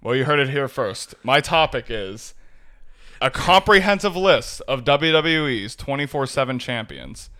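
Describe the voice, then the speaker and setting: A young man co-hosting a casual podcast, rambling and excitable, laughing often as he explains things. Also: medium pitch, a little slow. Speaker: podcast co-host.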